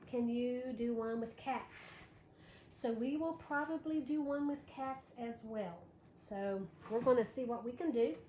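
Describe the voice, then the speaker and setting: A woman's voice: sits high, darkish tone. A woman hosting a live wreath-making tutorial, chatty and gushing as she greets viewers by name. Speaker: live craft show host. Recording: echoey room with faint background noise.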